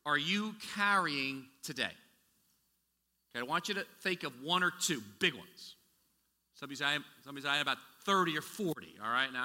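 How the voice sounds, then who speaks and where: A man's voice: a little high, bright, forceful tone, long reverb tail. A man preaching a sermon as a pastor, talking conversationally with rhetorical questions and frequent restarts.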